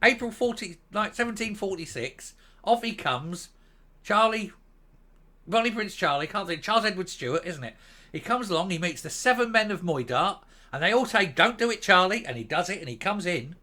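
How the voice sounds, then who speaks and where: A Northern Irish man ranting through his own commentary, blunt and scornful, with a sarcastic edge and the odd swear word. His voice sits a little high and swings up and down a lot. The tone is bright and sharp. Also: animated, moderate pace. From Northern Ireland. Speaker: host of a political commentary channel.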